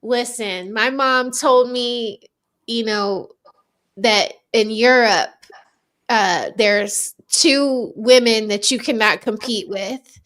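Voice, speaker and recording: A woman's voice: on the high side, takes it slowly, fairly bright tone. A young adult woman co-hosting a casual podcast chat, laughing often as she talks. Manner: giggly, laughs often between remarks. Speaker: podcast co-host.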